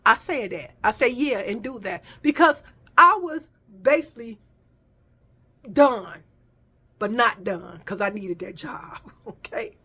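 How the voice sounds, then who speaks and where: A woman telling a casual personal story, animated and profane, often calling her listeners y'all. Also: a little high, slow pace, pauses often, slightly rough. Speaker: vlogger.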